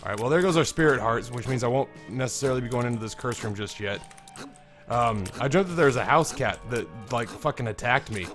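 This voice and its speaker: A young man talks over a game at a middle pitch, his voice thick and stuffed-up from being ill. He rambles, swears freely and jokes at his own expense. Faint music plays underneath. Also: animated, a little fast, fairly bright tone. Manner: rambling, self-deprecating, swears casually. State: congested, sick voice. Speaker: gaming commentator. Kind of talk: casual let's-play commentary.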